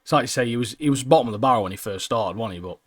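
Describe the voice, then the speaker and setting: Laddish male co-host, mid-pitched, dry close recording. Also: very fast, dry recording. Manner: laddish, keeps tagging "mate" onto sentences. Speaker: podcast co-host. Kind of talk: casual chat.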